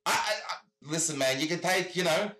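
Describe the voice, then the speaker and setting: Rambling Australian man, bright roomy voice. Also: a little high, moderate pace. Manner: rambling storyteller, repeats "I gotta tell you". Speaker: guest. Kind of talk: casual chat. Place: home in Michigan.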